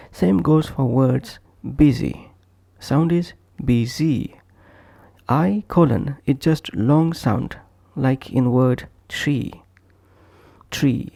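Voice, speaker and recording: Slow gravelly man teaching pronunciation. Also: mid-range voice, warm tone, no room sound, clean studio sound. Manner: repeats each example, slow and deliberate. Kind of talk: slow scripted pronunciation lesson.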